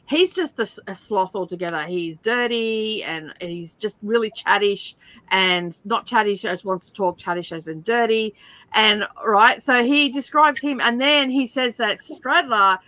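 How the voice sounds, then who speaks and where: A middle-aged Australian woman hosting a reading stream, telling animated stories in casual chat and often breaking into laughter. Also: mid-range voice, a little slow, no echo.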